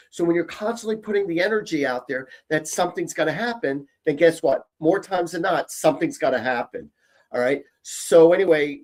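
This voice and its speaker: A man's voice: on the high side, a little mellow. A man from Canada, a psychic medium, chatting upbeat with viewers on a live stream and often repeating himself. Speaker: psychic medium, show host.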